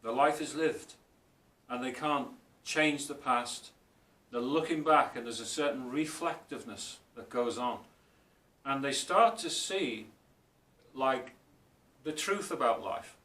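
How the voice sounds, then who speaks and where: A man giving a spiritual talk as author and speaker, telling stories in a reflective way and slowing down for emphasis. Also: fairly bright tone. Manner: storytelling, reflective, often slows for emphasis. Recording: roomy, distant mic, faint rumble.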